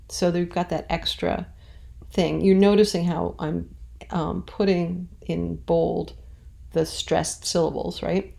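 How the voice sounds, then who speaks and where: A woman teaching a recorded lesson in a relaxed, chatty way, with plenty of fillers and asides. Her voice sits fairly low and has a gravelly edge. She reads verse lines aloud and leans hard on the stressed beats. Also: takes it slowly. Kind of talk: recorded classroom lesson on poetic meter.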